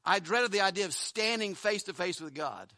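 A man's voice: high-pitched, lively intonation, moderate pace, sharp tone, no room sound. Male pastor, earnest sermon delivery, repeats words, close and dry sound. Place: church building.

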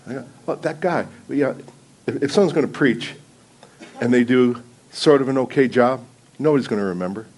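A guest preacher addresses a congregation in a church sanctuary, his mid-range voice brisk and broken by frequent pauses. He opens his sermon casually, laughing often as he tells loose stories at his own expense.

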